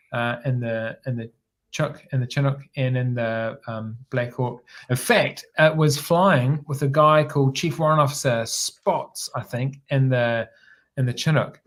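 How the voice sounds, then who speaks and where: In a casual storytelling interview, a podcast guest who was once an air force helicopter pilot speaks with a New Zealand accent at an ordinary middle pitch, a little slowly. He is relaxed and rambling, stumbling over words, restarting phrases, and doubling them up.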